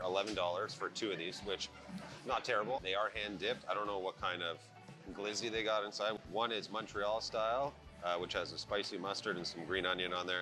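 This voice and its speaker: Deep-voiced, blunt, profane food vlogger man. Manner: profane, blunt, self-deprecating. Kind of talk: casual food review vlog. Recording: music playing underneath.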